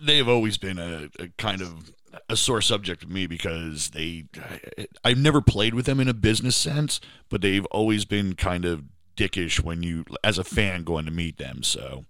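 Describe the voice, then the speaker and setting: A man hosting a casual podcast interview, asking questions and giving short, relaxed replies. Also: low-pitched, normal speed, no echo, clean studio sound. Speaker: podcast host.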